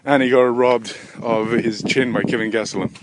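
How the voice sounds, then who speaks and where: Walking by a windy road with a handheld camera, a young man from England delivers a rambling, sweary, self-deprecating monologue. His voice sits mid-range with fairly even intonation and a normal speed. Wind noise and traffic fill the background.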